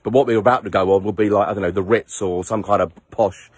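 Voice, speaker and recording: Man, husky and dry, rambling self-mocking vlog to a phone camera outdoors, tired ride leader. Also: on the low side, fairly even intonation, fast talker, dry recording. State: tired after little sleep. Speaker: ride leader of a charity motorbike trip. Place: outdoors on a coastal headland. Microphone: handheld phone camera.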